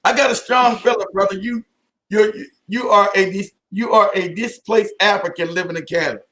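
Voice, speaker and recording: A man hosting a casual live stream, talking to viewers by name, animated and often laughing. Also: high-pitched, fairly quick.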